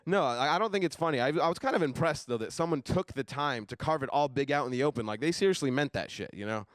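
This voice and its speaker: A young man doing a stand-up comedy set on a live stage, deadpan, dropping his voice low for asides. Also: quick pace, dry recording, clean studio sound.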